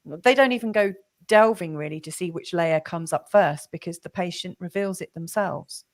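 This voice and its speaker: A woman's voice: on the low side, moderate pace. A woman hosting a conversation, asking questions in a hesitant way with frequent "um"s. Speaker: host. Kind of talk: conversational interview.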